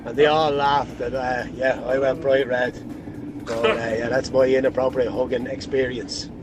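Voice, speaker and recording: A man's voice: medium pitch, level tone, moderate pace, noisy background. Irish male caller telling a sheepish story. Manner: self-deprecating, laughing at himself.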